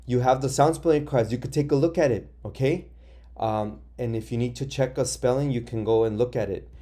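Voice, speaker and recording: A man teaching young students in a recorded lesson, explaining patiently and slowly with many fillers. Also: medium pitch, mellow. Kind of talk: recorded remote class lesson.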